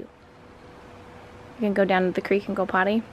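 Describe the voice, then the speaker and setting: A woman's voice: medium pitch, flat delivery, measured pace, pauses often, slight background noise. A woman vlogging at home with a handheld camera, chatting in an upbeat way and talking fondly to her dogs. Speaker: lifestyle vlogger. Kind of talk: casual home vlog chat. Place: at home and around the backyard.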